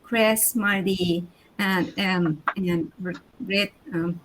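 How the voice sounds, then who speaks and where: A woman's voice: lowish voice, fairly even intonation, very slow, fairly bright tone, a little hiss or hum, low-quality recording. A woman speaking nervously and politely, thanking others on a group video call. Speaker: guest.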